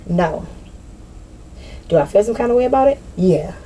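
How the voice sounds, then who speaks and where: A woman talking candidly in a personal vlog, slangy and animated, swearing and laughing at herself. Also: mid-range voice, normal speed, breathy edge. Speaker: spiritual vlogger.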